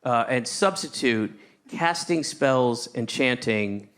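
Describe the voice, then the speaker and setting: A man's voice: mid-range voice, lively intonation, slow pace. Stammering stand-up comic man. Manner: rambling, stammering storytelling with sudden shouted asides. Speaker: stand-up comedian. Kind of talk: stand-up routine. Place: comedy stage with a live audience.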